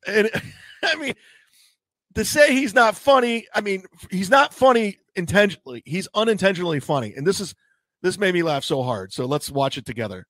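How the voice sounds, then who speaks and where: A man's voice: high-pitched, expressive, moderate pace, a bit bright, no room sound. A man talking casually on a live stream in a crude, giggly way, often breaking into laughter. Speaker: streamer in a played clip.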